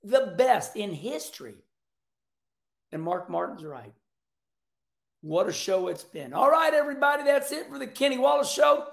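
A middle-aged man hosts a casual racing talk show, animated and folksy with loud outbursts. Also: very high-pitched, normal speed, creaky. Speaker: show host. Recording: echoey room.

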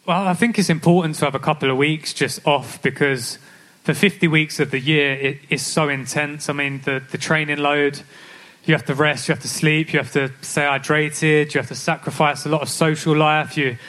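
A man's voice: a little high, steady tone, normal speed, fairly bright tone. A young adult man, a professional footballer, answering candidly on a live podcast stage and often restarting his sentences. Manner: candid, reflective, frequent restarts. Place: live stage event at a club.

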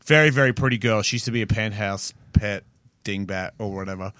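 A man's voice: on the low side, fairly quick, a bit bright, no echo. A man in his forties with an Australian accent, a podcast guest telling rambling stories in a blunt, profane way. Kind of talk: casual chat.

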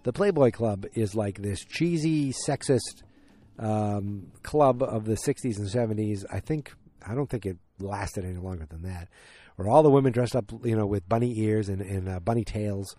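Mellow low-voiced man rambling frankly. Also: moderate pace. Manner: rambling and frank, with loose swearing. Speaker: podcast host recapping a TV series. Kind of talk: casual solo recap talk.

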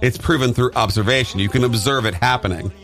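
Male podcast co-host, rambling and laughing, mid-pitched, faint music underneath. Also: quick pace, fairly bright tone. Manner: rambling, many restarts, laughs often. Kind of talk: casual chat.

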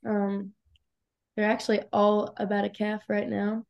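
A young woman from Georgia chats as a podcast guest, relaxed and laughing often. Her voice sits at a middle pitch for a woman. She talks easily about home and family. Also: unhurried, gravelly, lo-fi sound. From Georgia, USA. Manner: laughing, chatty, easygoing. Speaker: guest athlete. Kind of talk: casual podcast chat.

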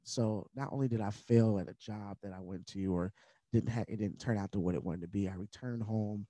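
Speaking briskly in a lowish, warm voice with no room sound, a male podcast guest recounts a personal story. He's candid and earnest, conversational with fillers, and emotional at moments.

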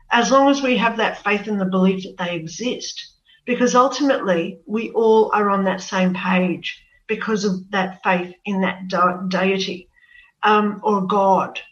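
A woman's voice: medium pitch, measured pace, a bit bright. A woman telling her personal story as an interview guest, earnest and repeating words as she goes. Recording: echoey, distant, dull sound.

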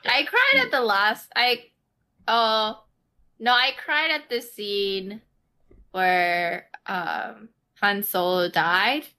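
A woman co-hosting a casual podcast chat, hesitant and soft-spoken. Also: mid-range voice, lively intonation, extremely slow, smooth. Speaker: podcast co-host.

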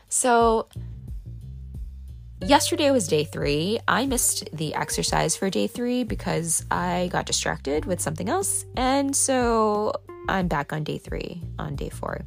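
Woman podcast host, low gravelly voice, candid rambling confessional chat with faint music under it. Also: lively intonation, takes it slowly. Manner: rambling, candid, filler-heavy with frequent laughs. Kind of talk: casual confessional monologue. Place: on a boat.

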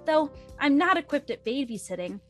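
A woman voicing a cheery, bubbly teenage schoolgirl who is dramatic and oblivious, reading her lines in a high, exclaiming voice. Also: big pitch swings, moderate pace, faint music behind.

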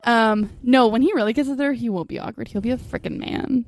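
Young woman podcast cohost gushing about a show, kinda high voice, dry close mic. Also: fairly quick, no echo. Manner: gushing, laughs often, acts out scenes. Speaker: podcast co-host. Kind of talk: casual chat.

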